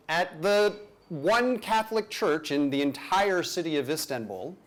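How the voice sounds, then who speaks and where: A man's voice: fairly high pitch, expressive, measured pace, hardly any pauses. A man telling a personal story live to an audience, conversational with playful, self-deprecating asides.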